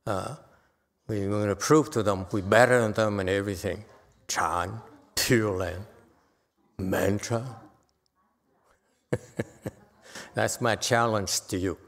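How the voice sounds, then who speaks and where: An older man giving an unscripted dharma talk as a Buddhist teacher, blunt and exhorting, often checking in with "okay?". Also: lowish voice. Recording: long reverb from a hall.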